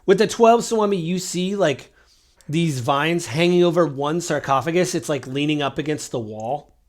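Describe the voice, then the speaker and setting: Dude dming a tabletop game, rambly, kinda high voice, lots of likes. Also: male voice, lively intonation, moderate pace. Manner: loose, rambling, full of fillers. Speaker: game master.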